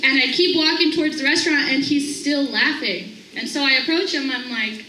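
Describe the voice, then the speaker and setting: She speaks in a high, bright voice, animated as she tells a personal story to a group. She acts out each person's lines as she goes. The sound is roomy, picked up from across an echoey room. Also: brisk, distant mic, a little hiss or hum. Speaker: staff member sharing a morning thought.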